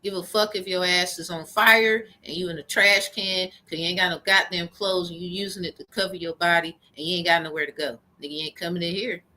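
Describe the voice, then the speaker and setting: A woman's voice: lowish voice, fairly even intonation, a little fast, few pauses, sharp tone. A woman telling a rambling, profane story in a heated personal rant to camera. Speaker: vlogger.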